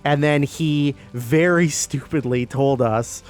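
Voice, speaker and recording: Guy telling a long story on stream, doing everyone's voices, some quiet music behind. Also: a little high, slow pace. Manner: lively storyteller who acts out quoted voices. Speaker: stream guest. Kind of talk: casual anecdote telling.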